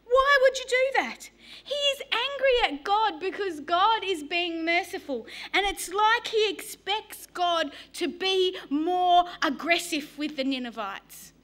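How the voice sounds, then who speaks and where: An Australian woman preaching a sermon, telling stories in a lively, humorous way. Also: very high-pitched, unhurried. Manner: lively storytelling with humour.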